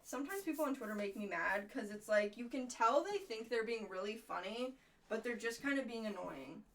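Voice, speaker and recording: A woman's voice: fairly high pitch, animated, fairly quick, a bit bright. A woman streamer chatting casually and bluntly while she crafts, rambling with some swearing. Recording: voice a bit off-mic.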